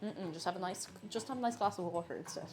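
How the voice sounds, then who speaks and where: A woman's voice: lowish voice, fast, a little mellow, faint music behind. A woman chatting casually while baking live in her kitchen, laughing often and reading out chat messages.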